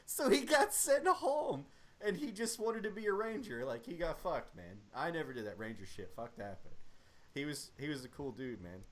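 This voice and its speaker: This young army veteran's voice is a little high and very animated, set at a moderate pace. As a podcast guest in a relaxed conversation, he spins rambling, foul-mouthed tales of his military service.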